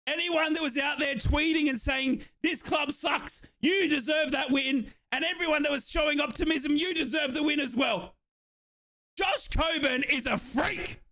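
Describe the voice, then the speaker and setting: A young Australian man streaming a live football watchalong, shouting and crying with joy, his voice going hoarse. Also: very high voice, steady tone, normal speed, hardly any pauses. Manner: shouting, overjoyed and tearful. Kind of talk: live fan watchalong reaction.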